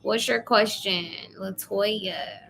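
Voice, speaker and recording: A woman's voice: mid-range voice, drawn-out words, gravelly, a bit bright, slight background noise. A woman giving a casual live tarot reading, chatty and blunt, casually swearing and speaking to viewers by name. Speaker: tarot reader.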